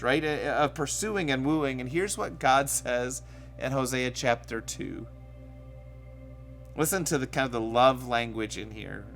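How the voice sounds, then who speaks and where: A man's voice: mid-range voice, a bit bright. Conversational male pastor preaching. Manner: conversational, acts out quoted voices with bursts of volume. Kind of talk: sermon. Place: church stage.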